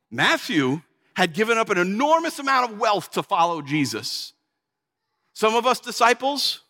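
High, lively man preaching in character. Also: long reverb tail. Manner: animated, exclamatory storytelling. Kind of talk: dramatic first-person sermon.

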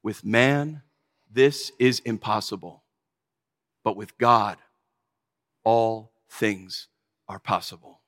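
A man in a dramatic sermon voicing a solemn, calm male holy teacher who speaks slowly and gravely. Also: mid-range voice, voice pushed down, lightly acted. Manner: slow, grave, hushed.

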